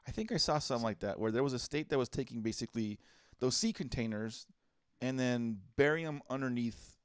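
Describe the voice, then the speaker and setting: A man's voice: mid-range voice, brisk, clear, resonant tone, dry recording, studio quality. A man co-hosting a casual comedy podcast, reading out listener posts in a laid-back way. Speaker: podcast co-host.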